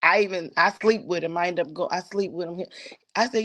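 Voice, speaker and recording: A woman's voice: fairly low pitch, fairly quick, a bit bright. A woman telling a heartfelt personal story as a guest, at times dropping to a whisper and at times pleading, with speech. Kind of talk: emotional personal testimony.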